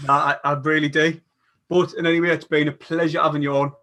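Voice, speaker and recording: Chatty man, higher voice. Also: level tone, a bit bright. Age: 40s. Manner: chatty, halting restarts, reads viewer comments aloud. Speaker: podcast host. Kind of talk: casual football chat.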